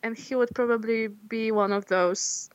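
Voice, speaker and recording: A woman's voice: on the high side, steady tone, normal speed, clean tone, no echo, muffled recording. A woman co-hosting a podcast in casual chat, hesitant, often restarting and searching for words. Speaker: podcast co-host.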